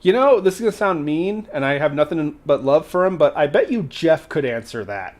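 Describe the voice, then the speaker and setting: A man hosting a livestream, retelling a folk tale in a casual way with animated, exasperated banter aimed at the chat. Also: a little high, brisk. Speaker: host.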